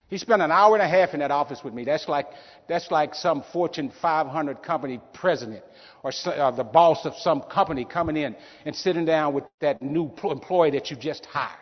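A middle-aged man with a voice pitched a bit high for a man tells a story from a stage, with feeling, leaning on repeated phrases. The sound is muffled and slightly dull, with a long reverb trailing behind him in a large hall. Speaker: motivational keynote speaker. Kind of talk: motivational keynote speech.

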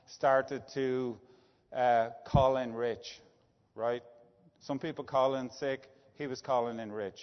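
A middle-aged Irish man, a business executive, telling a story in a conversational way, often checking in with "right?". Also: mid-range voice. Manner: anecdotal, tag questions like "right?". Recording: dull lo-fi sound with long reverb.

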